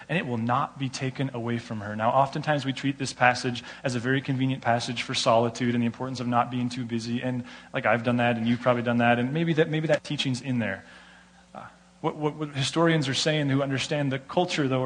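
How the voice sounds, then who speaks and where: A man's voice: mid-range voice, quick pace. An American man delivers a sermon in an ordinary mid-range voice. He tells stories with energy and slips into the voices of the people he quotes. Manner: animated storytelling, acts out quoted voices. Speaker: pastor.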